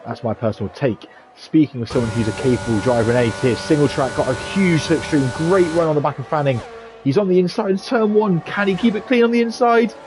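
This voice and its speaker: A man doing lively play-by-play commentary for a sim racing league, chatty and quick to pull his co-host in. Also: fairly high pitch. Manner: chatty, excitable, asks co-host questions. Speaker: lead race commentator. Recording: noisy game car engine sound behind. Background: racing game engine noise.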